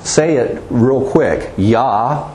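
A man giving a slide-based Bible teaching talk, earnest, with restarts and slow, drawn-out emphasis on key words. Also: medium pitch, lively intonation, mellow, echoey room, slight background noise, low-quality recording.

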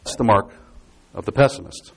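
A man's voice: fairly low pitch, moderate pace, creaky, fairly bright tone, breathy edge. A man preaching a Bible exposition sermon. He repeats key phrases for emphasis and explains scripture step by step.

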